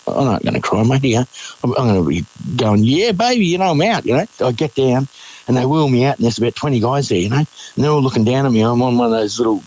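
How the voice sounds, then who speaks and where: A man's voice: mid-range voice, a little mellow, poor audio. A middle-aged Australian man telling a story in a laid-back, jokey way, acting out what people said. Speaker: interviewee, former miner. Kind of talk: casual storytelling.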